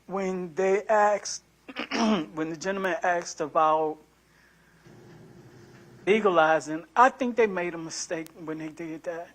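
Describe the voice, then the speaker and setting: Older woman answering questions in court, low-pitched voice, soft and kind of apologetic. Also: slow pace, long pauses. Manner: soft-spoken, earnest and apologetic. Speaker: prospective juror. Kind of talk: answering jury selection questions.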